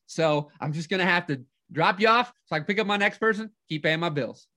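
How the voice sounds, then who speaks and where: A man's voice: high voice, fairly quick, bright, forceful tone, dry recording, clean studio sound. A man voicing a quoted rideshare driver, enthusiastic and weary about paying his bills, inside a motivational talk. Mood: wry.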